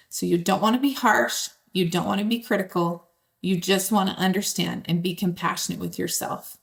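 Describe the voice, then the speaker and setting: A woman, possibly in her thirties, calmly teaching step-by-step steps and speaking straight to the listener. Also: medium pitch, fairly quick, vocal fry. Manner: calm, direct, speaks to the listener. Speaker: host.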